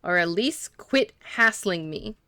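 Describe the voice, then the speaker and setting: A prickly woman suspect in a game, voiced by a woman who keeps her answers curt and defensive. The tone is middle-pitched and dry. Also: animated, slow pace, pushed and bright, smooth, no echo, full character voice.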